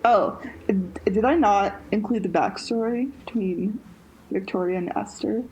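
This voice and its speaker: A woman's voice: medium pitch, measured pace, darkish tone, a little hiss or hum, low-quality recording. A young woman co-hosting a podcast in casual chat, rambling with lots of fillers and restarts. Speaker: podcast co-host.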